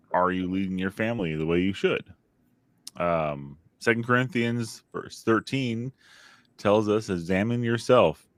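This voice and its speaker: A man's voice: on the low side, no echo. A man co-hosting a faith-based parenting podcast, talking in an earnest, reflective way and putting questions to the listener. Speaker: podcast co-host.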